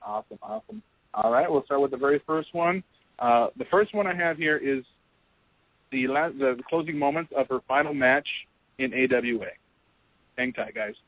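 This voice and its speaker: A man's voice: medium pitch, normal speed, no room sound. A male host running a casual interview in an upbeat, easygoing way. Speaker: radio show host. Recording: tinny dry phone-like sound.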